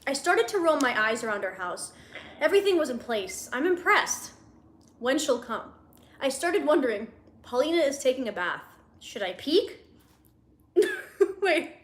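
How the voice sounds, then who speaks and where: A woman's voice: high voice, big pitch swings, measured pace, pauses often. A young woman livestreaming from home, reading fan fiction aloud and breaking off to laugh and make sarcastic remarks. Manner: laughs often, mocking asides. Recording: echoey room.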